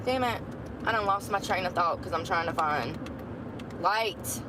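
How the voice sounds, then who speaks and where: A woman's voice: lowish voice, measured pace. A woman chatting in a rambling, gossipy vlog outdoors near a store. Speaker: vlogger. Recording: outdoor traffic noise.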